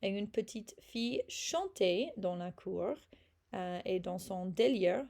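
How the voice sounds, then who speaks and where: Chatty woman with a gravelly, mellow voice. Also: medium pitch, expressive, measured pace. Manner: chatty, full of "like" fillers. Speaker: French teacher. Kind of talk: casual read-aloud lesson, reading and explaining a French novel.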